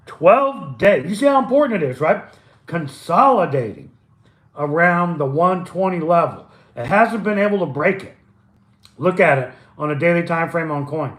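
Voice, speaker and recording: A man's voice: a little high, echoey room. Casual older man talking stock charts. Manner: loose, chatty, improvised, with stumbles and asides. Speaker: stock chart livestream host. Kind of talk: casual live chart commentary. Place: at home.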